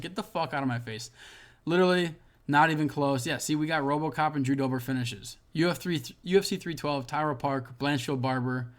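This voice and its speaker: A man hosting a casual reaction video, reading fan comments and ranting with lots of swearing, swinging between mutters and loud outbursts. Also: a little high. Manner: profane, exasperated ranting.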